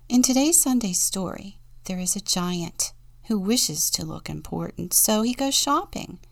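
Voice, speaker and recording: Deacon lady reading a kids story nice and slow, gentle, bit of fry, dry close sound. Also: medium pitch, no echo. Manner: gentle storytelling, slipping into soft whispers. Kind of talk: reading a children's Bible story and picture book aloud.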